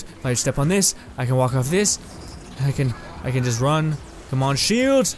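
A man's voice: mid-range voice, animated, moderate pace, a little hiss or hum. A young man from Canada giving rambling, laugh-filled commentary while playing a video game, now and then swearing at it. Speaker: gaming YouTuber. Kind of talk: casual let's play commentary.

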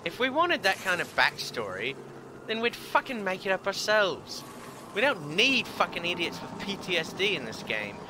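Sweary gamer, animated voice. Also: male voice, sits high, normal speed, background noise. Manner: sweary, loud bursts of outrage and laughter. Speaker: gaming streamer. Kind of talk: profane gameplay commentary. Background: game sounds.

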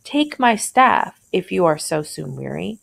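Lady reading as a sly old traveler, low gravelly voice, old-timey coaxing talk. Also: sing-song, a little slow, heavily acted. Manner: archaic, persuasive reading. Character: sly older male traveler in the woods.

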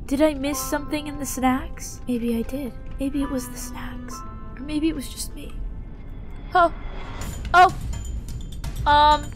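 Young female let's-play host, high voice, melodramatic rants, screeches at scares, light game music underneath. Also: a little slow, long pauses. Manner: dramatic, jokey, shrieking when startled. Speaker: gaming YouTuber.

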